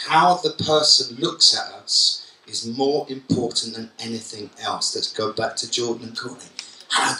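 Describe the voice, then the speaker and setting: A man giving a conference keynote talk, lively and joking, quizzing the audience directly. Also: medium pitch. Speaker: keynote speaker. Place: conference hall at a college. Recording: echoey hall from far off.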